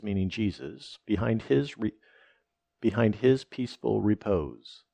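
A male preacher with a gravelly edge in his mid-pitched voice, delivering a sermon in an emphatic, conversational way. He often checks in with "right?" and stumbles over a word before pressing on. The sound is close and dry, with no room around it. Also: a little mellow, no echo. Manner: emphatic, repeats "right?" and restarts words.

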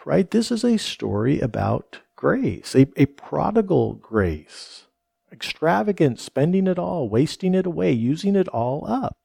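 Male pastor, mellow dark tone, unhurried sermon delivery with repeated refrains. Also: a little high, very animated, vocal fry, husky, no room sound, studio quality. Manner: reflective, repeats phrases for emphasis, reads scripture aloud.

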